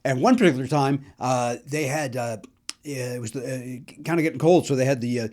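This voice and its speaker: A man's voice: mid-range voice, a little fast, darkish tone. A middle-aged man from Chicago, a comedian hosting a podcast, telling joking stories about old records in a chatty, self-deprecating way. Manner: chatty, self-deprecating, sings snatches of songs. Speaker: podcast host.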